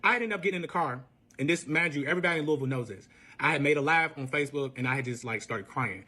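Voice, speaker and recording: Brief: young man, quick, slightly high voice, animated and profane storyteller. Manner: animated, profane, acts out quoted dialogue. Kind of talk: casual storytelling.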